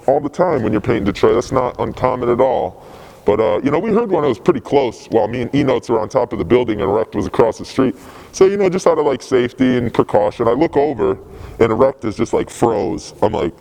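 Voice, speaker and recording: A man's voice: medium pitch, animated, fairly quick, creaky, a little mellow, a little hiss or hum, rough recording. A young man, a graffiti writer telling stories in a casual interview, laid-back, rambling and full of swearing.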